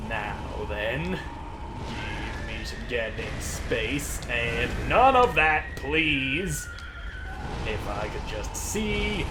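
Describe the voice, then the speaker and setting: A man commentating his own gameplay, trash-talking enemies with goofy, profane banter. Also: mid-range voice. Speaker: let's play host.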